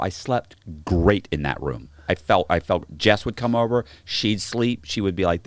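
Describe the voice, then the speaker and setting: A man's voice: fairly low pitch, moderate pace, hardly any pauses, no room sound. A man telling stories in a casual podcast chat, acting out the other people's lines as he quotes them. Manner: animated, acts out quoted dialogue. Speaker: podcast guest, former prisoner. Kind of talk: casual storytelling.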